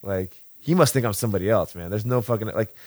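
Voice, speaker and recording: A man's voice: lowish voice, fast talker. A man in his thirties on a podcast, casually telling long stories, swearing freely and acting out what other people said. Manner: animated, profane storytelling, acts out other people's lines. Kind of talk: casual chat.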